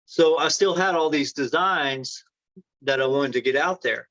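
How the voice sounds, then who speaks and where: Male interview guest, anecdotal storyteller, everyday pitch, dry muffled recording. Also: unhurried, fairly bright tone, no echo. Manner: rambling anecdotes, acts out quoted dialogue. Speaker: entrepreneur guest. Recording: dry, dull lo-fi sound.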